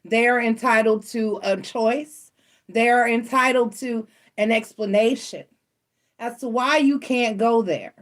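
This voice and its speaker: Animated blunt woman telling a story. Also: a little high. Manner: animated, blunt, swears casually, acts out quoted voices. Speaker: tarot reader and channel host. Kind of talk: casual storytelling chat.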